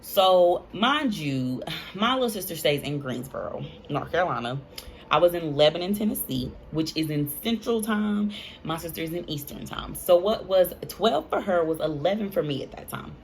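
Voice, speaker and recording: A young woman, telling a casual storytime to her viewers in an animated, chatty way. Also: on the low side, normal speed, a little hiss or hum. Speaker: vlogger.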